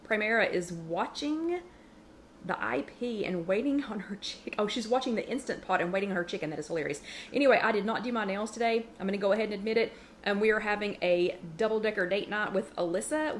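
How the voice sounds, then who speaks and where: A woman's voice: medium pitch, expressive, brisk, a little hiss or hum. A middle-aged woman hosts a casual livestream from her home kitchen. She greets viewers by name, reads their comments aloud and scolds her dog between remarks. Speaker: host of a weight-loss support livestream.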